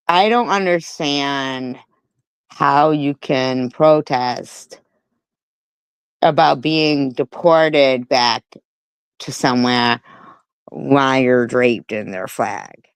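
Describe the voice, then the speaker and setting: A woman from the United States chats casually on her commentary stream, slow and unhurried as she gives her opinions, padding her talk with "um" and "you know." Her voice is smooth and clear, and the room is dry with no echo. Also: very deep voice.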